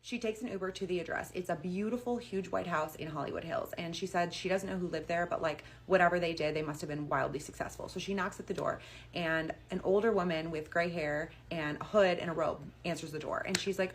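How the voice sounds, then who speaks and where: A woman's voice: lowish voice, a little fast. A woman telling a spooky story in a chatty, casual storytime style, full of "like". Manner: chatty, uses like a lot.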